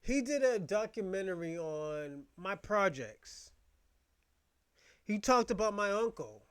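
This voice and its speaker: A man's voice: high-pitched, very animated, takes it slowly, fairly bright tone, smooth. A man from Boston giving a casual commentary rant, blunt, profane and repetitive as he vents. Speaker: commentary host.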